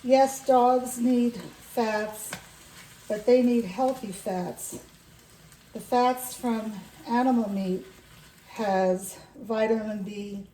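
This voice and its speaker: A woman's voice: a little high, mellow, roomy sound, far from the mic, a little hiss or hum, low-quality recording. A woman with a New York accent hosting a home cooking video, chatty and reassuring as she walks through a recipe. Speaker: home cooking channel host. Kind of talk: casual cooking demonstration.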